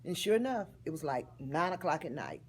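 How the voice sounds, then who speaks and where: A woman, telling a personal story in an interview in a heartfelt, expressive way. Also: low-pitched, brisk. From Texas. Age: 50s.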